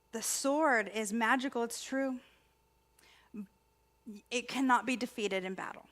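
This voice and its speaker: A woman voicing Merlin as a firm old wizard correcting a young king, in a lower, measured tone. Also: fairly bright tone.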